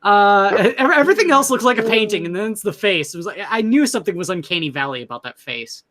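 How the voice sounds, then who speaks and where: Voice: medium pitch, animated, fast talker, a crowd in the background. A co-host chatting casually on a comics livestream, often stammering and restarting. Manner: hesitant, stammering. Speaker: podcast co-host.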